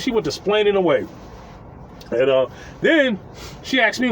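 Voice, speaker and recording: A man telling a casual, profane story, animated and chuckling as he acts out what people said. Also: high-pitched, a little fast, long pauses, slight background noise, low-quality recording.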